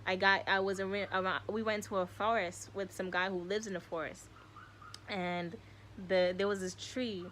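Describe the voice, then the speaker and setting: A woman's voice: mid-range voice, fairly even intonation, moderate pace, fairly bright tone, a little hiss or hum. A woman in her twenties talking casually to her viewers, rambling and emotional, full of "like" and "y'all", close to tears at times. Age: 20s. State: tearful. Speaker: vlogger. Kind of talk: casual spiritual chat to viewers.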